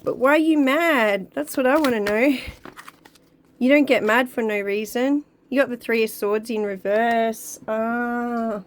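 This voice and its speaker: Chatty woman doing a tarot reading. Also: a little high. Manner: chatty, drawn-out, sings song lyrics along. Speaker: tarot reader. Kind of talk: casual tarot reading monologue.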